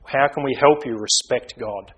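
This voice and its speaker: A male preacher delivers a sermon in an earnest, pastoral voice. His pitch sits in an ordinary middle range. He leans into key words loudly and falls to soft, low asides. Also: normal speed, slightly rough, rough recording. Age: young adult to middle-aged. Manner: earnest, rises to loud emphasis then drops low.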